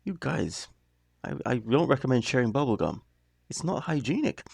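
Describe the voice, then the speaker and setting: A man's voice: medium pitch, sing-song, normal speed, vocal fry, darkish tone, slightly rough, dry recording, clean studio sound, soft background music. A man hosting a reaction video, chatting casually with joking, rambling asides. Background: song playing underneath.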